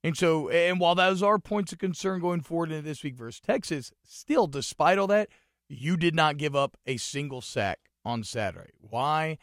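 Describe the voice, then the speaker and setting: A man co-hosting a casual sports talk show, animated and getting louder as he gets worked up. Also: on the high side, moderate pace, dry recording, studio quality. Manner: animated, rising to excited shouting. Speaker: podcast co-host.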